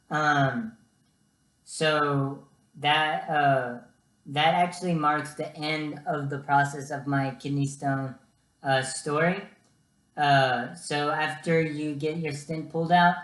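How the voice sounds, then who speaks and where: A man's voice: a little high, fairly bright tone. A young man telling a personal story in a casual vlog and talking straight to his viewers. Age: young adult. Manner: chatty, keeps addressing viewers as guys. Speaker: vlogger. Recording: echoey room.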